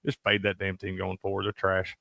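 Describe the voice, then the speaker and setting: A man's voice: low voice, brisk, vocal fry, dry recording, clean studio sound. A man co-hosting a casual sports betting chat, cursing freely and laughing often. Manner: profane, animated, laughs a lot. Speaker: sports betting show co-host.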